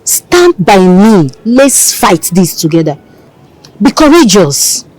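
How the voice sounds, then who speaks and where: A woman's voice: mid-range voice, big pitch swings, slow, darkish tone, no room sound, poor audio. An actress with a Nigerian accent playing a devoted young heiress who reassures her lover in a film drama. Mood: tender. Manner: tender, reassuring, shifts into pidgin.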